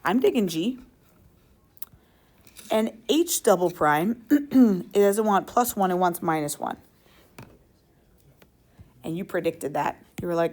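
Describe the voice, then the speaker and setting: A woman's voice: fairly low pitch, slow pace, pauses often, darkish tone. A woman teacher leading a classroom lesson, upbeat and playful, asking the class questions as she works through problems.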